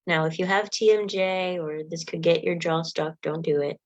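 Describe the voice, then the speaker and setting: A woman leading a guided meditation, coaching listeners gently through affirmations, yawns and stretches. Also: lowish voice, steady tone, normal speed, no echo, dull audio. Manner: leads yawning and stretching exercises.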